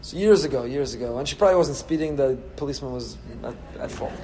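A man, a rabbi, delivering a sermon full of rhetorical questions and repetition, with sharp swings between loud and soft. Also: mid-range voice, fast, roomy sound, slight background noise, poor audio. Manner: storytelling, acts out quoted voices.

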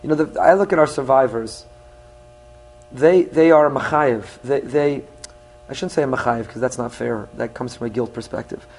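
A man's voice: medium pitch, normal speed, a little mellow, slightly rough, faint music behind. A middle-aged man who is a rabbi, giving an earnest teaching sermon and mixing Hebrew phrases into his English. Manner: earnest teaching, with rising emphasis on key points.

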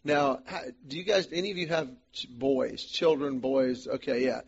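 A man's voice: mid-range voice, normal speed, vocal fry, breathy edge, lo-fi sound. A man in his fifties leading a men's study group, telling stories to a live audience and acting out the voices of the people in them. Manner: animated storyteller who acts out quoted voices. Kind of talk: storytelling talk to a live group. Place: meeting room before a live audience.

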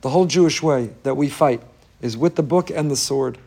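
A man's voice: mid-range voice, fairly quick, vocal fry, darkish tone, husky. A man giving an impassioned daily religious talk as a rabbi, emphatic and repeating phrases for stress, with Hebrew and Yiddish terms in his English.

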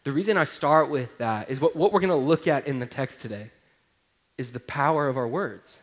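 A man's voice: medium pitch, animated, moderate pace. A man in his thirties, a pastor preaching a sermon through a humorous personal story, talking to the listeners directly in a conversational way.

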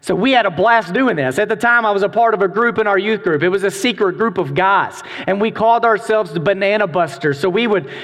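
High-voiced man preaching in a big hall. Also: a little fast, hardly any pauses. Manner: animated storytelling, acting out voices. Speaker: pastor. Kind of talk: sermon.

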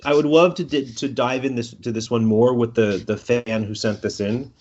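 In a lo-fi conversational interview about his game design, a Brooklyn-accented man speaks with a medium pitch, steady tone, and moderate pace, sounding a little mellow. He mixes thoughtfulness with jokes and frequently starts his phrases over.

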